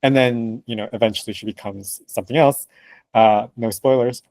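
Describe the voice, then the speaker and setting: A man who translates books, chatting as a guest in an interview, animated and laughing often with lots of fillers. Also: medium pitch, moderate pace, dry recording. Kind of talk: casual interview conversation.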